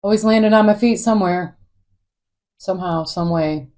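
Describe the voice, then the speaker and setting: A woman's voice: on the low side, moderate pace, dark tone. A woman hosting her own podcast, talking alone in a candid, rambling way and swearing freely. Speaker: podcast host. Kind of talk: casual solo monologue.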